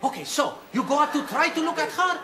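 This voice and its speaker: An actor playing a bumbling young male hotel waiter with a Spanish accent, speaking excitable broken English in a sitcom clip. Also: very high voice, fast talker, heavily acted. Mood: excited. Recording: roomy sitcom clip with loud audience laughter.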